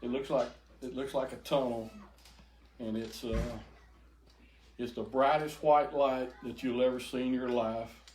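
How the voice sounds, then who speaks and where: A man's voice: medium pitch, fairly even intonation, a little mellow. Older man, emotional testimony, stumbling repeats, echoey room with faint hiss. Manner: halting, repeats words, quotes others. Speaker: speaker giving a testimony. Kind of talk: emotional personal testimony to a group.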